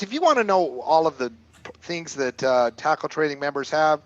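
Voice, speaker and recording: A man co-hosting a market show, reading schedule notes in a brisk, matter-of-fact way. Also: fairly high pitch, animated, muffled recording. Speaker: co-host. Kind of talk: casual announcements.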